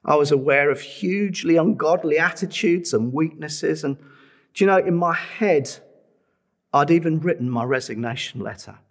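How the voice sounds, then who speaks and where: A man's voice: fairly high pitch, normal speed. A middle-aged man preaching a sermon, telling a personal testimony with earnest feeling and pleading with listeners to respond.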